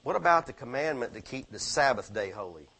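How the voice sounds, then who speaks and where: A man preaching a sermon, swinging from low, quiet asides to fervent exhortation full of rhetorical questions. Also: lively intonation, a little fast, breathy edge.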